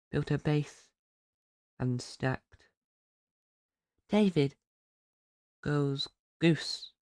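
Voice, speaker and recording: A podcast host with a medium-pitched, creaky voice recaps an episode of his own show, rambling casually and often correcting himself mid-sentence. It's a dry, studio-quality recording.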